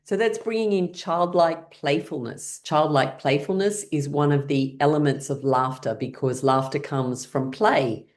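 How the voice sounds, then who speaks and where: Brief: middle-aged woman, deep voice, laughter yoga leader on a video call, playful, whooping highs. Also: a little mellow.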